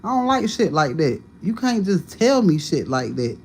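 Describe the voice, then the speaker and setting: A woman's voice: lowish voice, moderate pace. Woman, livestream host, profane storytelling, faint background hiss. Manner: profane, animated storytelling with sudden loud outbursts. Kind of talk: casual livestream monologue.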